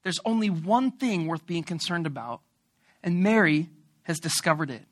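A man voicing a gentle male teacher who speaks softly and slowly to soothe a worried friend. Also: on the high side, lively intonation. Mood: soothing. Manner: soft, slow and soothing.

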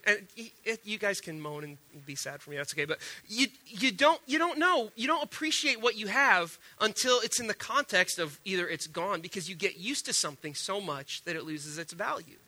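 A man preaching a casual sermon from the platform, his voice pitched high and ringing bright and sharp. He talks in an animated, conversational way, stumbling into restarts and repeating words as he builds his point. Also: a little fast, few pauses. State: sick. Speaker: pastor.

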